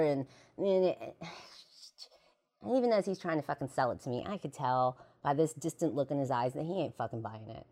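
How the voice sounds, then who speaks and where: A woman's voice: low voice, lively intonation, a little fast, dark tone. A woman podcast host telling personal stories in a profane, slangy way, often laughing. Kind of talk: personal storytelling monologue.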